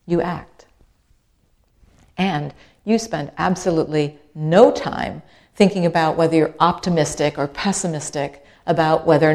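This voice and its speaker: A middle-aged woman tells her own story to listeners, an author whose voice sits a little low for a woman. She builds tension with repeated phrases and shifts her delivery freely between moods. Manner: animated storyteller, acts out quoted voices. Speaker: author and speaker. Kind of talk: storytelling talk.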